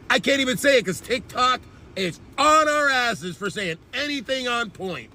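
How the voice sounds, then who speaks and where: A man with a strikingly high, very bright and cutting voice delivers a furious, profanity-laced rant. He speaks as the host of his own commentary channel, heated and relentless. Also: slight background noise. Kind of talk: angry political rant.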